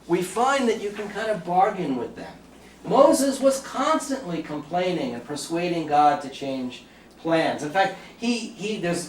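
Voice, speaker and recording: A middle-aged man with a Bronx accent giving a chatty, joking talk to a live audience. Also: fairly high pitch. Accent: New York (Bronx). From the Bronx, New York. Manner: chatty, jokey storyteller with audience asides. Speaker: lecturer. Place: lecture room. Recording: roomy sound, from far off, faint background noise.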